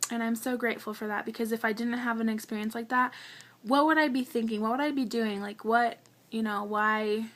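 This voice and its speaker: Chatty young woman with a high voice. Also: fairly even intonation, fairly quick, fairly bright tone. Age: young adult. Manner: chatty, heavy use of "like", earnest; emotional, close to tears. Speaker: vlogger. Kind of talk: casual personal storytelling.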